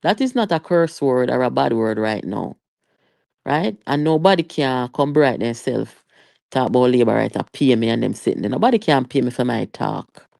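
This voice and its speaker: A woman's voice: rumbling low, expressive, normal speed, vocal fry, mellow, no echo, clean studio sound. A Jamaican woman hosting a live political commentary stream, chatty and emphatic, with rhetorical questions and patois asides.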